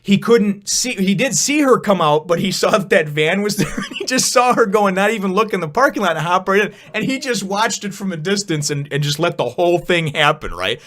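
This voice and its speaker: Fast-talking man telling a rambling story. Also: high-pitched. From Chicago. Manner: rambling, profane, animated storyteller with asides. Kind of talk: casual storytelling vlog.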